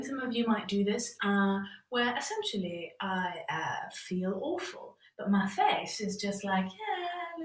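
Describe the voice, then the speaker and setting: Woman, stand-up storyteller, deadpan and wry, crisp bright tone, roomy echo. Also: medium pitch. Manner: wry, deadpan storytelling with sighs and mock panic. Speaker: stand-up comedian. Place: stage in a cabaret venue. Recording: echoey room, mic at a distance.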